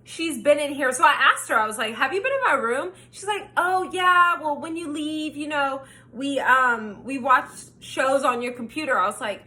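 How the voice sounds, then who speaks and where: Bright, animated woman vlogger. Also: high voice, moderate pace, hardly any pauses. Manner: animated, swears freely, acts out her own quotes. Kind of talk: storytime chat.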